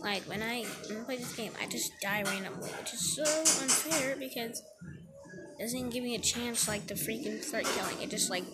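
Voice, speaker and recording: Chatty excitable girl talking over her game, high bouncy voice, game music playing under it. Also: normal speed. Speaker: gaming video creator. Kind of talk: casual game commentary.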